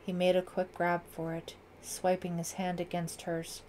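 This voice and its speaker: Woman, audiobook narrator, fairly low voice, measured dramatic reading. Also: monotone, a little mellow, a little hiss or hum.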